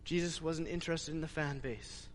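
A man preaching a sermon, retelling scripture in an animated way and pressing the listeners with questions. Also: a little high, moderate pace, long reverb tail, slight background noise. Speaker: pastor.

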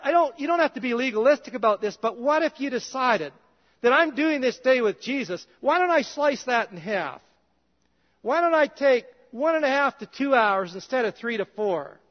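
A male pastor preaching a conversational sermon in a church, his voice dropping soft and low at times. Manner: conversational, drops soft and low in quoted prayers. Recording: dull reverberant hall sound.

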